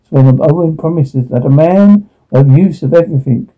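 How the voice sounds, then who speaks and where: A man reading a drama's dialogue and sound captions aloud, halting and restarting often. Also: a little high. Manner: halting, with frequent restarts and stumbles. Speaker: reader voicing all parts of a TV drama with captions. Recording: tinny phone-like recording.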